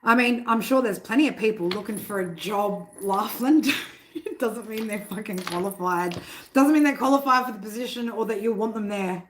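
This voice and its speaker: A woman chats loosely on a live stream from her home, swearing as she goes and stopping often to yell at her squabbling cats. The pitch sits in a middle range. A steady hiss of background noise runs under her voice. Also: moderate pace, poor audio. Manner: loose and chatty, swears freely, breaks off to scold her cats. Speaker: tarot reader hosting a live stream. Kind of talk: casual live-stream chat.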